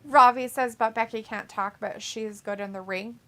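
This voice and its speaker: Co-hosting a relaxed live stream, this woman reads out viewers' comments in a crude, blunt way and laughs frequently. Her voice sits on the high side, fairly bright, with fairly even intonation at a normal speed.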